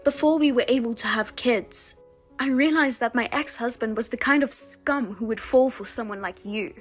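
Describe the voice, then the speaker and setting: A woman narrating a text-message story in a steady, plainly read scripted style. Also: a little high, normal speed, faint music behind.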